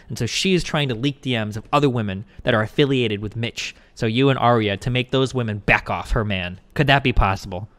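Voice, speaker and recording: A man's voice: medium pitch, a bit bright. A man co-hosting a casual stream discussion, blunt and argumentative, swearing freely. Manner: fast, blunt, argumentative, profane. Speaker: streamer and co-host.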